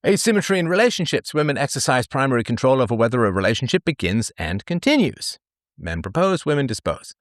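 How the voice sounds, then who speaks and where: A man's voice: medium pitch, big pitch swings, quick pace, no echo, studio quality. A man hosting a livestream monologue, reading statistics and repeating his phrases for emphasis. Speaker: livestream host. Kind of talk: commentary monologue.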